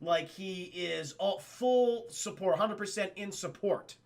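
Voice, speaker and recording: A young man casually recapping a film on a live stream, excitable and profane, constantly talking to his chat. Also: high voice, slow pace, gravelly.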